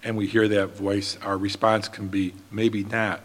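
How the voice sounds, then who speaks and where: A man preaching a sermon as pastor, in an earnest, steady manner. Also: on the low side, normal speed, big-room sound.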